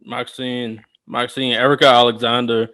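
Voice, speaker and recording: A man's voice: mid-range voice, normal speed. Rambling young man in casual podcast chat. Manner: rambling, animated storytelling with frequent restarts. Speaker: podcast co-host.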